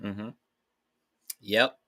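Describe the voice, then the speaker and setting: Animated bright-voiced male co-host. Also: very slow. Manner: animated, playful, breaks into silly voices. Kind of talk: casual live-stream chat.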